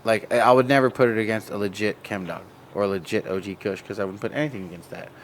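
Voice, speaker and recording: A low-pitched man talking loosely and happily on a podcast, wandering through his sentences and laughing at his own jokes. A faint hum of room noise sits behind his voice. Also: quick pace. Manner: rambling, joking, laughs often. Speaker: cannabis breeder and show guest. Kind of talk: casual podcast chat.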